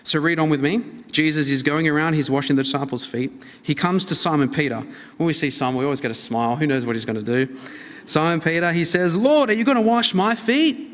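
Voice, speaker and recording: An earnest male pastor preaches with a voice sitting a little high for a man, moving between emphatic bursts and quiet, hushed lines. His words carry a long hall reverb. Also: fast. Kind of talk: sermon.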